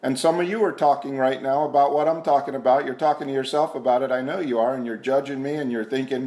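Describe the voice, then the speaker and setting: A man's voice: medium pitch, steady tone, fast, hardly any pauses, darkish tone. Earnest man sharing at a recovery meeting. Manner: earnest, conversational, self-questioning. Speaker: AA meeting speaker. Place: meeting room.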